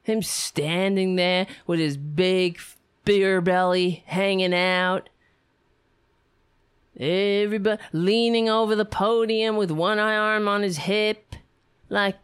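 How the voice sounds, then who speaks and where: A woman's voice: mid-range voice, fairly even intonation, takes it slowly, clear, resonant tone, dry recording, clean studio sound. A woman commentator reacting to a clip with sarcasm, scorn and free swearing. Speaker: political commentator.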